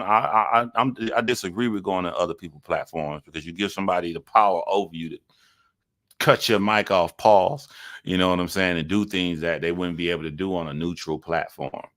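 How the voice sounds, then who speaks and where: A man's voice: low voice, a bit bright. A man giving casual reaction commentary to a video, talking in an earnest, rambling way with some swearing.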